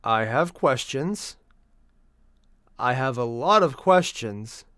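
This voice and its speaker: A man's voice: medium pitch, animated, takes it slowly, a bit bright, no echo, soft background music. Rambling man reacting on a dry mic. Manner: rambling, repeating himself mid-thought. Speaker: reaction video host. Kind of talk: casual reaction commentary.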